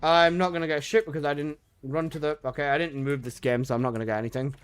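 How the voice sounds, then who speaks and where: A man streaming a game live, chatting casually with loose, excitable gamer slang. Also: fairly high pitch, quick pace, smooth, faint music behind.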